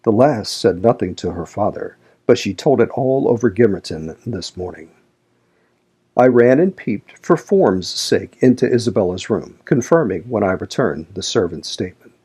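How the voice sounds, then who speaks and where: A man reading a classic novel aloud as audiobook narration, in a measured, slow, even delivery. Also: lowish voice, breathy edge. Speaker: audiobook reader.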